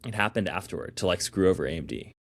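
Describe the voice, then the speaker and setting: Casual male co-host, somewhat low voice, loose rambling delivery full of fillers and slang. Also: lively intonation, fast talker. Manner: slangy, calls people dude and bro. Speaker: podcast co-host. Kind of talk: casual chat.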